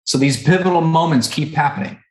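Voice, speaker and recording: A man's voice: a little high, fairly quick. A man in his thirties, a podcast guest telling a personal story in an earnest, emotional way, often checking in with "right?" and "okay?". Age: 30s. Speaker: podcast guest, recovery center co-owner. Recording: roomy echo on the voice.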